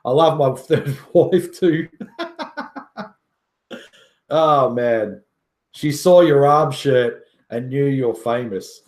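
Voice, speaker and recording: A man's voice: mid-range voice, lively intonation, slow, long pauses, roomy sound. A man hosting a casual livestream who jokes, boasts, swears casually and laughs often. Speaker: livestream host.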